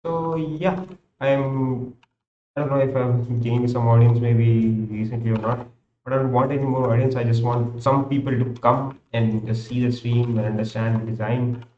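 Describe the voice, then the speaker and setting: A man's voice: medium pitch, steady tone, moderate pace, a little hiss or hum. A young man with an Indian English accent chatting loosely on a live stream, thinking aloud as he works, often repeating and restarting his sentences. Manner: rambling, repeats and restarts himself. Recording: roomy, slightly dull home recording.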